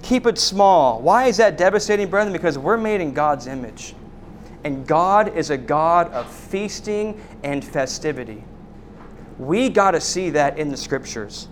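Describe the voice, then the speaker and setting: High-voiced pastor preaching with questions. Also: male voice, animated, unhurried, slight background noise. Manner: repeated rhetorical questions, frequent restarts. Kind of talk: sermon.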